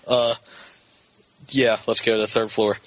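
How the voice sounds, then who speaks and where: A man's voice: fairly low pitch, level tone, measured pace, fairly bright tone, no room sound, rough recording. A man playing a tabletop role-playing game over a voice call, stating his moves cautiously. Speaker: player.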